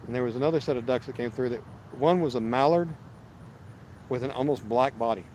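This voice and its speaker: A man's voice: mid-range voice, brisk, darkish tone, a little hiss or hum. A man, hosting a fishing livestream outdoors and chatting casually, rambling and restarting as he reads viewer messages. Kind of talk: casual live-stream chat. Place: outdoors at a park lake.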